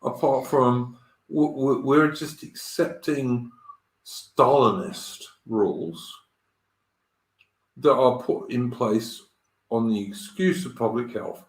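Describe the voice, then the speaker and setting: A man's voice: mid-range voice, fairly even intonation, takes it slowly, roomy sound, rough recording. A man hosting a live stream in casual chat, talking bluntly and crudely and swearing freely. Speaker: stream host. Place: home in Australia.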